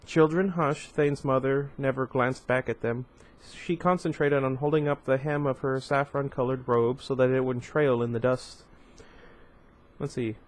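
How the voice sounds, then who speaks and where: A man's voice: medium pitch, fairly even intonation, normal speed. A man with a slight lisp reading a novel aloud, with chatty asides between passages. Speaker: book reader.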